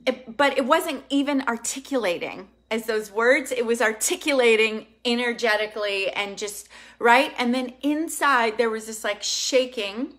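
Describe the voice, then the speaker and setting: A young woman hosting an online manifesting workshop, talking in an emphatic, excitable and casual way, swearing now and then. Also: on the high side, normal speed. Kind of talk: live online workshop teaching.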